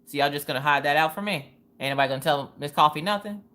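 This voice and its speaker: A woman hosting a casual crafting livestream, telling stories in an animated, slangy way and talking straight to her chat. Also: low-pitched, quick pace. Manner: animated storytelling, quotes people in different voices. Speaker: livestream host.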